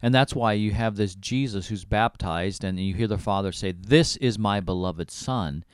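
A man co-hosting a Bible discussion, speaking in a measured way and quoting scripture readily. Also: fairly low pitch, clean tone, no room sound, clean studio sound. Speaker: co-host. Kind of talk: conversational Bible teaching.

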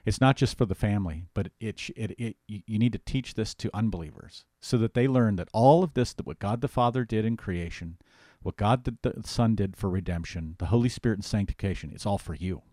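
A man with a fairly low voice teaches the Bible as a pastor in relaxed talk. He presses hard on key words and often restarts mid-sentence. The recording is dry and close. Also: a little fast, few pauses, dry recording. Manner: emphatic, animated, restarts often.

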